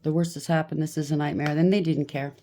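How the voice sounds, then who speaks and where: Low-voiced, blunt woman tarot reader. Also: level tone, fast talker, mellow, a little hiss or hum. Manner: blunt, scolding. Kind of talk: tarot card reading.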